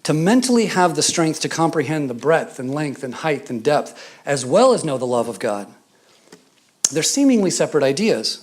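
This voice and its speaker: A man with a Scottish accent preaching a sermon, mixing scripture with humorous stories and hushed asides. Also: a little high, big pitch swings, normal speed. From Scotland. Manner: storytelling with humor, drops to a whisper for emphasis.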